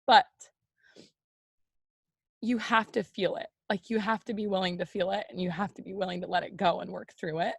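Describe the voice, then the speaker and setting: A woman talking straight to her viewers in a casual, heartfelt morning video. Her voice has a gravelly vocal fry, and the sound is dry and close with no room echo. She fills her talk with "like" and "you know" as she confides. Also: medium pitch, fairly even intonation, normal speed. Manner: open, confiding, many "like" and "you know" fillers. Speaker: host of a morning live video for women.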